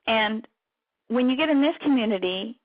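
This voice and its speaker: A woman's voice: fairly high pitch, animated. Chatty woman host on a phone line. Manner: chatty, quick storytelling with laughs. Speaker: radio show host. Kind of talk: casual chat. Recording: tinny phone-line radio audio.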